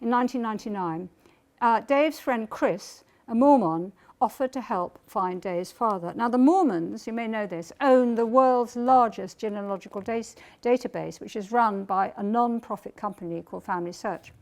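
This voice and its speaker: A woman historian giving a public book talk, telling the story in a measured way and reading quoted testimony aloud. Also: on the high side, a little mellow. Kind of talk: public lecture.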